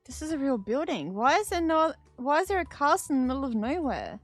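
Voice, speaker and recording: A woman reading the lines of a vain, jumpy young male actor from a game, excitable and jumping high when startled. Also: fairly quick, faint music behind. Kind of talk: dramatic game dialogue read aloud.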